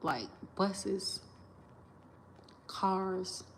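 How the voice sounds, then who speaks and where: A woman livestreams into a phone camera with a medium-pitched voice, drawing out her words over slight background noise. She rambles emphatically and profanely, restarting sentences and repeating herself.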